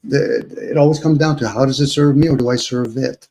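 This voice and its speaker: A man with a mellow, dark voice rambles reflectively on a live online panel. He keeps asking rhetorical questions as he talks things through. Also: mid-range voice, fairly even intonation, brisk, low-quality recording. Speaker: panel guest. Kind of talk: casual live panel chat.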